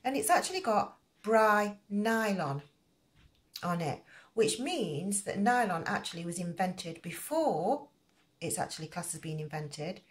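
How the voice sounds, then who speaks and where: A woman's voice: medium pitch, big pitch swings, measured pace. A middle-aged woman hosting a crochet channel, explaining at length in a rambling casual way with many fillers and restarts.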